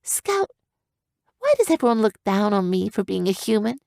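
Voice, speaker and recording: A woman reading an audiobook, voicing a headstrong young human girl raised among griffins, with high, strained, intense outbursts. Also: sing-song, normal speed, vocal fry, mellow, no echo, clean studio sound. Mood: hurt.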